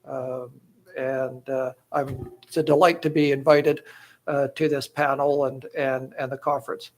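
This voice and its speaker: A man's voice: medium pitch, flat delivery, a little slow. A man with a Canadian accent, a geotechnical engineer introducing himself on a conference panel, hesitant, with many fillers. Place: hotel ballroom conference session.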